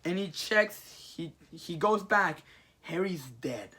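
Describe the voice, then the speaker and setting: A man on a podcast, casually retelling a comic storyline and acting out the characters' lines in excited bursts. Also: high-pitched, slow, husky. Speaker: podcast co-host recapping a comic. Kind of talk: casual chat.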